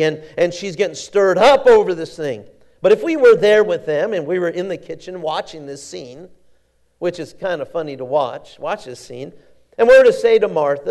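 High-voiced man preaching a sermon. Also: a little mellow. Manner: conversational storytelling, repeats words and restarts, folksy asides.

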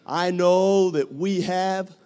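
High-pitched preacher guy, slow and dramatic, goes loud then real quiet. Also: fairly even intonation, clear, resonant tone. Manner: dramatic, acts out quoted wives and husbands, swings from loud to hushed. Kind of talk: sermon.

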